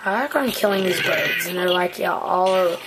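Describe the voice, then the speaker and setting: A young woman casually commentating a video game for her channel, goofy and chatty, often yelling a silly catchphrase. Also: fairly low pitch, a little fast, heavy background noise. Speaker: gaming channel host. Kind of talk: casual let's-play commentary.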